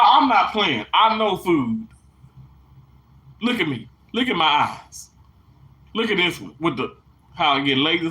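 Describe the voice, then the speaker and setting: A woman from Mississippi with a Southern accent, chatting casually and excitedly with viewers on a livestream. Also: low voice, poor audio. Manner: animated, exclamatory, talks straight to viewers. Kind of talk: casual live chat.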